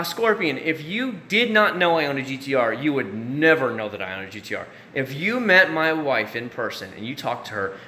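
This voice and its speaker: A man's voice: mid-range voice, bright, forceful tone. Chatty man live-streaming in an echoey room. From Central Florida. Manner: rambling, chatty, frequent restarts and fillers. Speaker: YouTube live-stream host answering chat. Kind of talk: casual live-stream chat. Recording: echoey room with faint background noise.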